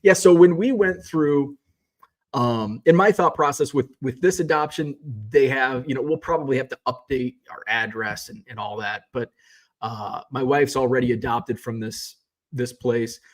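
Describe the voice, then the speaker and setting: A man in his thirties hosts a casual card-collecting livestream, reading viewer comments aloud and chatting in a relaxed, rambling way. His voice is mid-range at a normal speed, full of fillers and restarts, and he sounds a little tired, even yawning.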